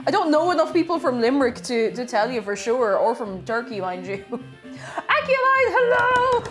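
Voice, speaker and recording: A woman's voice: a little high, a little fast, soft background music. A woman chatting casually on a cooking live stream, reading chat aloud and laughing often.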